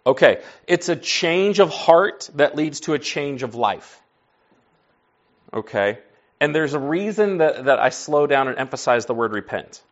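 A man's voice: on the high side, expressive, unhurried, muffled recording. Folksy man teaching a Bible class. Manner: asks the group questions and answers them; folksy, says y'all and like.

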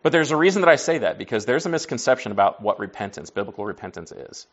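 A man's voice: mid-range voice, lively intonation, fast talker, lo-fi sound. A man preaching to a class in a conversational teaching style, folksy, asking the group questions and answering them himself. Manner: folksy, says y'all and like.

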